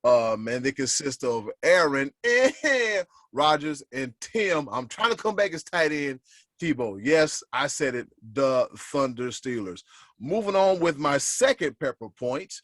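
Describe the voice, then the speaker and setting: A man co-hosting a sports podcast, telling stories in an animated, joking way. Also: fairly high pitch, unhurried, no room sound. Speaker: podcast co-host. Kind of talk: casual sports banter.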